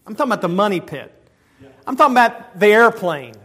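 A male pastor preaching a sermon in a church, joking and swinging between loud emphasis and quiet asides. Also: high-pitched, very animated, brisk.

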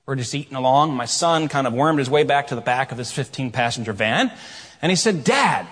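A middle-aged man preaching a sermon, telling a story with quiet asides and loud, rising questions. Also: medium pitch, animated, brisk, breathy edge. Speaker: pastor. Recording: long hall reverb.

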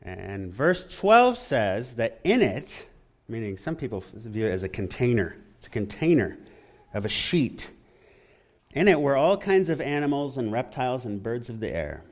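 A male preacher walks his congregation through a passage in an expository sermon. His pitch swings widely and keeps the talk animated. He often stops to ask the listeners questions. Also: normal speed.

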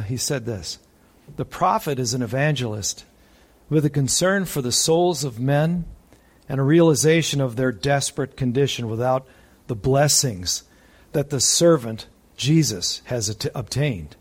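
A male pastor delivering a sermon at an unhurried, measured pace. He reads scripture aloud with emphatic pauses, his voice sitting in an ordinary middle register. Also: mid-range voice.

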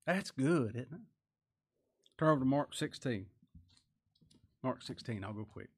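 A male preacher delivering a sermon in plain, folksy speech. He pushes some lines out loud and high, then drops to a low, quiet aside. His voice sits at an ordinary middle pitch. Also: lively intonation, unhurried. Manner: folksy plain-spoken grammar, reads scripture aloud.

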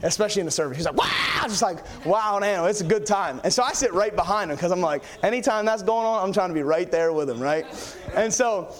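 A young man preaching a sermon in a church, telling stories in an excitable, rambling way with many fillers. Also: sits high, fast talker, few pauses.

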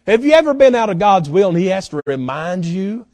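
A man's voice: high voice, animated, normal speed, hardly any pauses, a little mellow, no echo, clean studio sound. A male guest pastor preaching a sermon in a folksy, emphatic way, with frequent "uh" fillers. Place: church.

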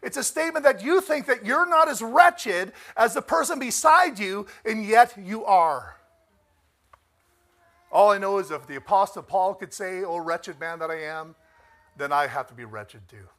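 A man delivers a sermon in a high-pitched voice, building his emphasis on key lines to near shouts. He keeps turning to the congregation with questions and calls for amen. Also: animated, moderate pace. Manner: asks the congregation for amens. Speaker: preacher.

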